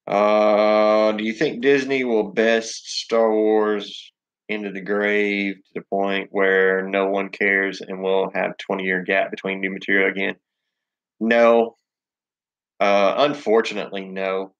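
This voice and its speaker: A man's voice: lowish voice, flat delivery, slow, a bit bright, lo-fi sound. Rambling, cussing Southern man on a stream. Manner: rambling, profane, many ums and restarts. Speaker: live stream host. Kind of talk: casual live chat reading comments.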